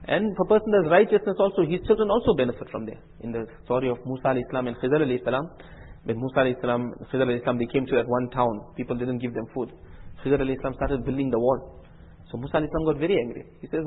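A man delivers an Islamic sermon at a quick clip, earnest and repetitive, acting out the dialogue within his stories. His voice is husky and a little breathy. The recording is narrow and tinny, as if heard over a phone line. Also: medium pitch, long reverb tail. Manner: earnest, repetitive phrasing, animated quoted dialogue. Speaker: Islamic preacher. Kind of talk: sermon with storytelling.

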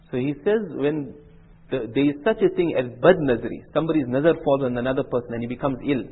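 A man's voice: mid-range voice, breathy edge, in a large hall. A man preaching an Islamic sermon, telling stories in earnest, repetitive phrasing and acting out the dialogue. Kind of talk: sermon with storytelling. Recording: tinny lo-fi phone-like recording.

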